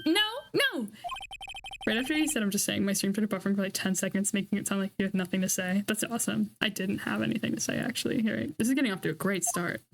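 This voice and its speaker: A woman's voice: mid-range voice, fairly quick, vocal fry, slight background noise. A woman streamer chatting casually during a voice-chat game dub, giggly, joking and self-deprecating.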